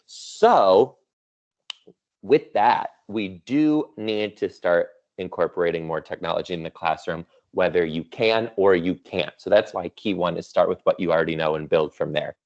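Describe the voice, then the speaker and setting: A man's voice: deep voice, normal speed, dull audio. A man in his thirties giving a playful, chatty keynote to teachers over a video call, full of teasing asides. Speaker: keynote speaker. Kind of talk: virtual conference keynote.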